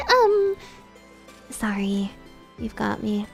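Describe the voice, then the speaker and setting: A woman's voice: medium pitch, very slow, vocal fry, faint music behind, exaggerated voice. A woman voicing a panicky, whiny young vampire woman who is behind on her rent, reading a game's dialogue on stream. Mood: frantic. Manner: frantic, whiny, excitable.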